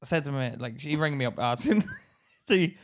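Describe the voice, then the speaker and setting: A man's voice: medium pitch, animated, normal speed, slight background noise. A young man co-hosting a podcast, talking bluntly and acting out his stories with swearing. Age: young adult. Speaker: podcast co-host. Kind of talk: casual chat.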